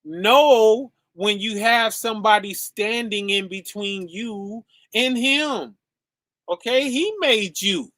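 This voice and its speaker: A man's voice: high voice, slow pace, fairly bright tone, no echo, clean studio sound. A man hosting a show, giving preachy commentary full of rhetorical questions and "okay?" tags. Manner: emphatic, peppers lines with "okay?" and "right?". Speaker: podcast host.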